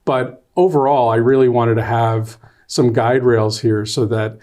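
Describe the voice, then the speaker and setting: A man being interviewed as a guest author and playwright. He is a lively storyteller who rambles, backs up and restarts. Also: medium pitch, unhurried. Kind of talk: casual interview.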